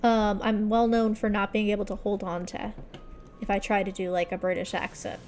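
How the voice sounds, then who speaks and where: A woman's voice: mid-range voice, level tone, moderate pace, darkish tone, slight background noise. A young woman streamer chatting casually and self-deprecatingly while playing, muttering at the game.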